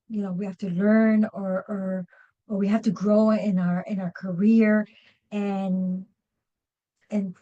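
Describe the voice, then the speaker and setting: A woman's voice: medium pitch, mellow, dull audio. A woman presenting a professional workshop to a live audience, with many fillers and restarts. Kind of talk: live seminar talk.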